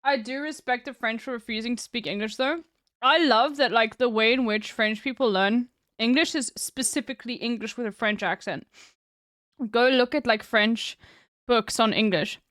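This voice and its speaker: A woman's voice: on the high side, normal speed, fairly bright tone, dry recording, studio quality. A woman streamer chatting casually, blunt and laughing, swearing freely.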